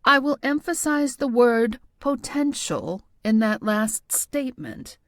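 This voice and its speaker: A woman voicing a poised, patient middle-aged tarot reader who speaks in a calm, knowing, lightly teasing way for an audiobook. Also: sits high, slow pace, dry recording, clean studio sound. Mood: instructive. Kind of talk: audiobook character voice.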